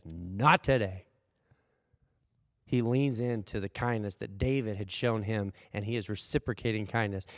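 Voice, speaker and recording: A man preaching a sermon as pastor, animated, acting out the people he quotes. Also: fairly low pitch, dry recording, studio quality, long reverb tail. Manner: animated, acts out quoted voices. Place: church hall.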